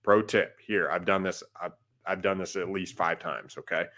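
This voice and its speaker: Male podcast co-host, lower voice, loose conversational delivery full of "right?" check-ins. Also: steady tone, moderate pace, fairly bright tone. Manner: conversational, peppers talk with "right?" and "like". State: has the hiccups. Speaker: podcast co-host, wholesaling investor. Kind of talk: casual podcast advice.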